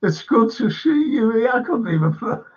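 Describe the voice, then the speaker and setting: A man with a very high-pitched, somewhat dark voice and big swings in pitch hosts a livestream at a normal speed. He rambles casually through a long anecdote, cursing freely, and the stream audio is dull and lo-fi.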